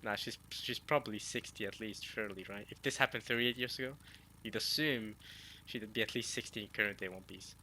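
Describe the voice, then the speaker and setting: A young man giving casual, excitable reaction commentary on a manga chapter, slangy and full of restarts. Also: lowish voice, fairly quick, slight background noise.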